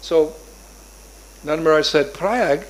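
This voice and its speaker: A man with a fairly high voice tells a sacred story in his sermon. He is an animated storyteller who jumps into the voices of his characters. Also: normal speed. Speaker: preacher.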